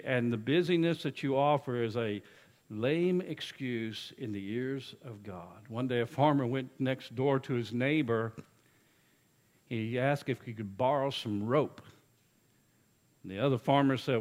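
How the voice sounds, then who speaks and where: A man preaching a sermon as executive pastor, telling folksy stories and swinging between loud urging and quiet low asides. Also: normal speed.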